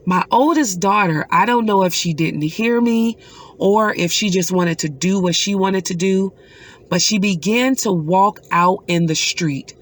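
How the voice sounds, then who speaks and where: Middle-aged woman, mother, personal vlog storytelling; unhurried, earnest delivery with pauses. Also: mid-range voice. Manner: slow, earnest and emotional, with pauses. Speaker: mother recounting a dream.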